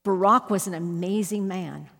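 A woman with a husky, slightly breathy voice preaches, shifting between quiet, measured points and bursts of emphasis. Her voice carries a long reverb, as if filling a large hall. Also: fairly low pitch. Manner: emphatic storytelling with sudden loud rises. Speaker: Bible teacher. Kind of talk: sermon with personal story.

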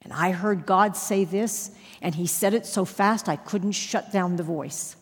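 A woman Bible teacher giving a sermon, telling a personal story with emphatic, sudden loud rises. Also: lowish voice, a little slow, husky, in a large hall.

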